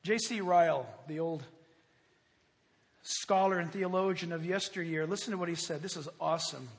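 A man preaching a sermon, animated, acting out prayers and asking his congregation questions. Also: high-pitched, normal speed. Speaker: pastor. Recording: long hall reverb.

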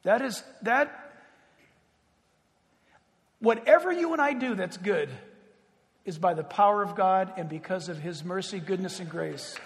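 A man pastor preaching a sermon, animated, swinging between loud exclaims and hushed asides. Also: high-pitched, normal speed. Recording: reverberant hall.

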